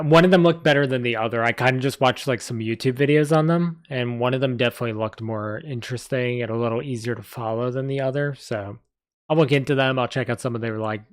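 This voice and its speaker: A man's voice: mid-range voice, steady tone, a little fast. Young guy rambling on his stream, lots of ums, easygoing. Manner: rambling, filler-heavy, laughs often. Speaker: streamer reading a story live. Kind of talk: casual live-stream chat.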